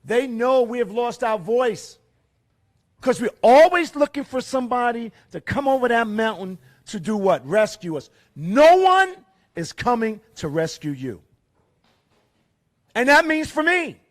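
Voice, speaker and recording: A middle-aged man with a notably high speaking voice delivers a fiery, preachy rally speech at a fairgrounds event. He fires off rhetorical questions and drops from loud to hushed for emphasis. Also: big pitch swings, measured pace.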